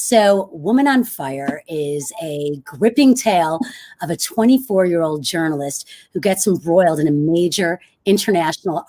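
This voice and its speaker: Woman with a low smoky voice. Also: a little mellow. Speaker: author guest. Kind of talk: conversational interview.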